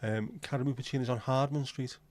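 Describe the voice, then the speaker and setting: A man's voice: mid-range voice, steady tone, fairly quick, darkish tone. A man hosting a casual livestream chat, rambling and joking with frequent swearing. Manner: rambling, jokey and sweary, slips into silly voices. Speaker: livestream host.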